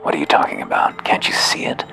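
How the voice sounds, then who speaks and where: A man's voice: quick pace, sharp tone, whispered, lightly acted. Flustered prim village mayor, as a man puts her on. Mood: frantic. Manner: prim, rambling, flustered politeness. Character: flustered fussy woman village mayor, nervous.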